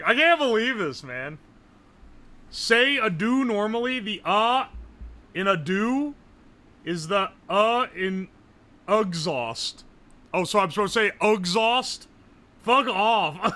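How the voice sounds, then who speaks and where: A young man, chatting casually on a live stream, loud and joking, swearing often and laughing a lot. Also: high voice, expressive, slow pace. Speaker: livestreamer.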